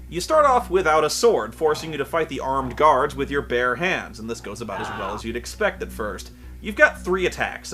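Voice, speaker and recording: A man's voice: on the high side, a bit bright. A man giving a comedic video game review, sarcastic, exasperated and profane.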